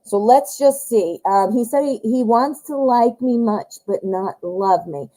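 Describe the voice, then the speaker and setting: A woman giving a live tarot reading, chatty and expressive, calling the viewer honey. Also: a little high, measured pace, low-quality recording. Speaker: tarot reader.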